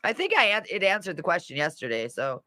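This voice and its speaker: A woman's voice: on the low side, big pitch swings, quick pace, bright, forceful tone, a little hiss or hum. Brash, profane woman livestreamer. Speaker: livestream host. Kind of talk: casual livestream chat reading comments.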